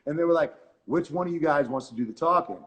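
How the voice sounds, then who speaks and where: A man's voice: fairly high pitch, fast. A man being interviewed, telling a story casually, cursing often and saying "like" a lot, with a Southern Californian accent. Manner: profane, excitable, lots of "like" and "man". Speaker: guest wrestler.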